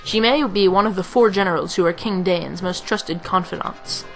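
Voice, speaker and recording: A woman reading a calm young mage tactician. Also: medium pitch, soft background music, close to an everyday voice, rough recording. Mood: informative. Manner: measured, explanatory.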